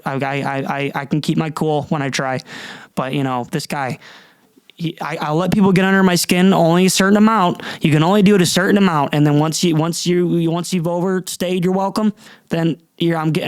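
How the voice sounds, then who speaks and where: An exasperated man rants on his podcast, cursing freely and tripping over his own restarts. His voice sits a bit high for a man. The sound is close and dry, with no room echo. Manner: profane, exasperated, rambling with many restarts. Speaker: podcast host. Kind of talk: casual storytelling rant.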